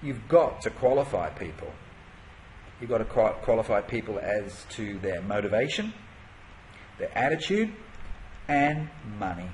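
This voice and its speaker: A man's voice: medium pitch, a little hiss or hum, poor audio. A man teaching an online marketing course in a conversational way, full of rhetorical questions and fillers. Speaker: internet marketing coach.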